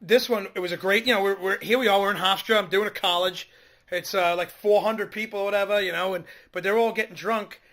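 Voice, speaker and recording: High bright-voiced comedian telling stories. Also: male voice, quick pace. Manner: animated storytelling, acts out quotes. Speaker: comedian co-host. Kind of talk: casual comedy radio chat.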